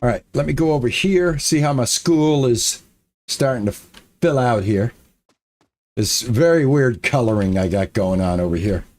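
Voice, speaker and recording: Building in a game on stream, a man talks to his viewers and to himself at normal speed, his medium-pitched voice darkish with lively intonation. Mishaps draw muttering and repeated lines in this casual let's-play.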